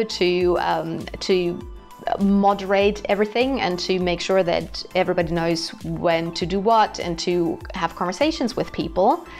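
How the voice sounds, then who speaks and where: Young German woman, German accent, chatty language teacher, faint music underneath. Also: mid-range voice. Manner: chatty, explains with everyday examples. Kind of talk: explanatory video lesson.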